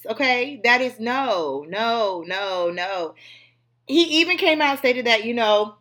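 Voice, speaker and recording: A woman's voice: a little high, lively intonation, takes it slowly, a bit bright. A woman hosting a gossip commentary show, talking bluntly and emphatically, with frequent swearing. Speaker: host.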